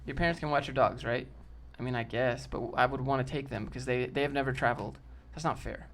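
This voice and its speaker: A man's voice: medium pitch, fast, a bit bright, slight background noise. A man in casual live-stream chat, answering chat in a blunt, joking, brash way. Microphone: desk mic with a sock over it.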